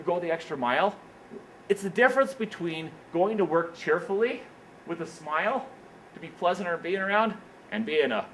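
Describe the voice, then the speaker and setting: A man giving a motivational speech at an engineering career event, telling stories in an animated way and often repeating "what happens is, is that", in an indoor meeting room. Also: high voice, slight background noise, rough recording.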